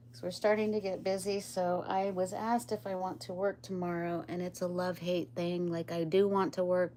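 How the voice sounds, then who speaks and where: A woman's voice: lowish voice, mellow, a little hiss or hum. A woman chatting casually on a live stream, rambling, laughing often and talking to her pets and viewers.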